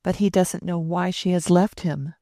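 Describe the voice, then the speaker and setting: A woman's voice: lowish voice, fairly even intonation, normal speed, warm tone, no room sound, clean studio sound, lightly acted. Haughty older society lady, read by a woman. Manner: haughty, pointed.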